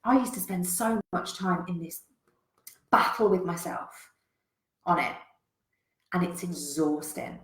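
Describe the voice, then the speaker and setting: A woman business coach, giving a frank, animated motivational talk to a live chat and swearing freely. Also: on the low side, measured pace, pauses often. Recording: roomy echo.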